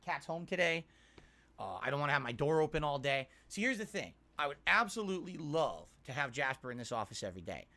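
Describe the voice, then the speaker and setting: A slightly high-voiced man talks fast during a home-office livestream, picked up by his desk mic. Between reading viewer tips aloud, he rants with animated exasperation.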